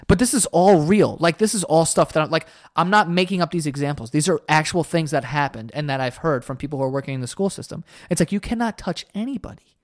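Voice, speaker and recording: A man's voice: a little high, lively intonation, fast. A young man hosting a solo podcast, ranting in an exasperated, profane way. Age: young adult. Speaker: podcast host.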